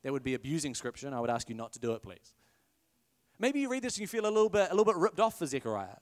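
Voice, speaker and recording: A high-voiced man preaching in a relaxed, conversational way, playful and quick to correct himself. His voice carries a long reverb, as if filling a large hall. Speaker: pastor. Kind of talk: sermon.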